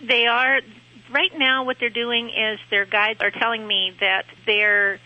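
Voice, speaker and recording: Reassuring woman, bright, over a lo-fi line. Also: on the high side, little pitch movement, unhurried. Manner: gentle, reassuring. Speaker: animal communicator. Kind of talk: calm consoling phone reading. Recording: dull lo-fi radio line.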